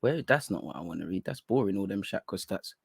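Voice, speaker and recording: A man's voice: low voice, expressive, fast talker, gravelly, husky, dry recording, clean studio sound. Bantering young man. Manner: banters with viewers, laughs often, street slang. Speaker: football channel host. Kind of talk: casual livestream chat.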